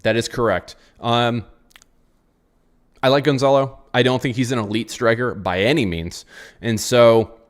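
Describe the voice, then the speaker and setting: A man's voice: mid-range voice, a little slow, pauses often. Frustrated man reacting to football. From United States. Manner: frustrated, rambling, repeats phrases, answers chat. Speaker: football channel host. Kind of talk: live post-match reaction reading chat.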